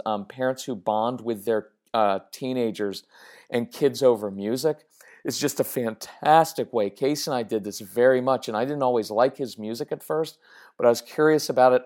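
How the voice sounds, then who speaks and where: A woman's voice: a bass voice, brisk, darkish tone. Emphatic middle-aged parenting coach woman. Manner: conversational and emphatic, checks in with listeners. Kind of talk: direct-to-camera parenting talk.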